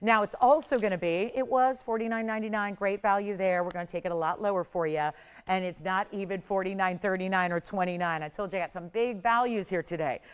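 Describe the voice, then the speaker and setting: A woman's voice: mid-range voice, fast, clear, resonant tone. A middle-aged woman hosting a live shopping channel, chatty and upbeat as she pushes deals and prices, her voice still recovering. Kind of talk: live home shopping sales pitch. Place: TV studio.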